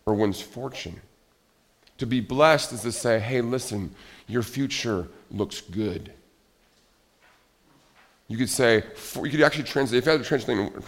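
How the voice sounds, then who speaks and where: Male pastor, middle-aged, low voice; casual animated sermon that slips into acted-out asides. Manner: animated, conversational, acts out little scenes.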